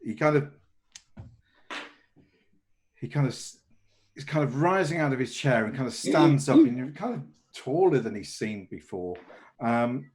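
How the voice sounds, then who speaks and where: A man's voice: mid-range voice, sing-song, normal speed, darkish tone. Man narrating a horror game, hesitant. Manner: hesitant, lots of "kind of" and restarts. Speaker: game master.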